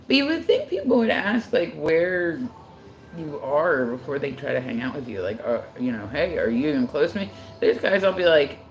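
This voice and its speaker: A woman's voice: deep voice, very animated, normal speed, echoey room, rough recording. A woman chatting casually on her livestream, rambling with constant filler words and frequent swearing.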